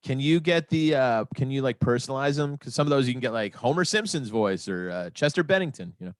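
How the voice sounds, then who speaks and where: A male host reads listener questions aloud and teases his guests in a relaxed, casual way. His voice sits at a mid pitch and sounds close and dry. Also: quick pace, no room sound. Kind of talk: hosting casual panel chat.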